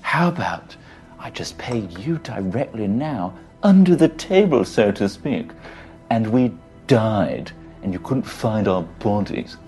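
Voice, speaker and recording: A man doing a smooth-talking refined adventurer. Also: lowish voice, expressive, slow, darkish tone, soft background music. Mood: bargaining. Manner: polished, wheedling bargaining tone.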